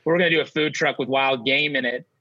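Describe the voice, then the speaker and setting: Laid-back podcast host guy, bright voice, dry dull lo-fi sound. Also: mid-range voice, steady tone, fast, dry recording. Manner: easygoing, many fillers like "you know". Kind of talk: casual conversation.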